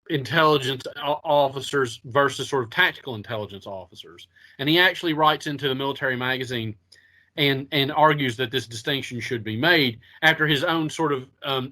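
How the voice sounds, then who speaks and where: A man talking as a podcast guest, explaining history in a halting way with many fillers and restarts. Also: medium pitch, pushed and bright. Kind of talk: casual podcast chat.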